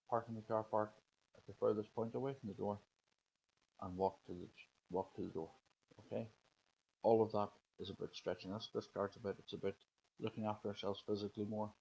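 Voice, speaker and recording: A man reading oracle cards for viewers in a chatty, gently coaxing way, then leading a slow breathing exercise. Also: on the low side, a little hiss or hum, poor audio. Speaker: spiritual card reader. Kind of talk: live oracle card guidance, casual talk.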